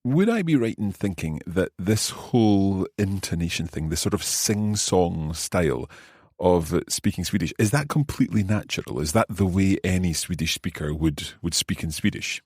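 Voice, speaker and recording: A man hosting a language lesson podcast as the learner, asking curious questions and slowly repeating new phrases. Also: sits low, expressive, darkish tone, breathy edge, no room sound, clean studio sound. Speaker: host and learner.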